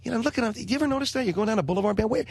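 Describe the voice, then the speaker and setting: A man's voice: sits high, rapid-fire, vocal fry, a little mellow, husky, no echo. A man hosting a radio talk show, delivering a rambling, exasperated comedic monologue on a studio mic.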